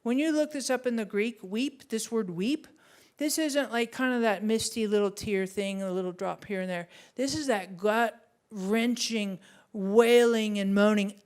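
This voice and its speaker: A middle-aged woman pastor preaching a sermon, animated and conversational, asking her listeners rhetorical questions. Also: medium pitch, a little slow.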